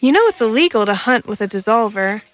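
A woman's voice: on the high side, expressive, fast talker, lightly acted. A woman voicing a cautious, conscientious male alien hunter who protests anxiously. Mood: worried.

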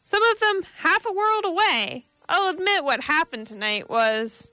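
A woman voicing a sharp, impatient man demanding answers from his friend in a read-aloud story. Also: very high voice, expressive, unhurried, no room sound, voice pushed up, exaggerated voice.

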